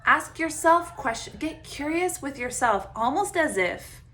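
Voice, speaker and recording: Lively woman coach, slightly high voice. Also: unhurried. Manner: animated, laughs often, acts out her own self-talk. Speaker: Enneagram coach, podcast host. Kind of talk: casual coaching advice.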